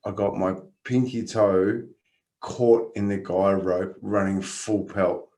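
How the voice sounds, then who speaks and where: An Australian man coaching on a podcast, calm and encouraging, who tells stories with lots of laughter. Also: low-pitched, slow. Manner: lively storyteller, laughs often. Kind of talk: casual podcast chat.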